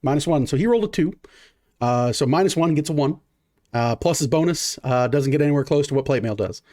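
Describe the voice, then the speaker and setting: A man's voice: a little high, fairly quick. Laid-back man running a tabletop game. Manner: relaxed, many "uh" fillers, counts out dice. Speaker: game master.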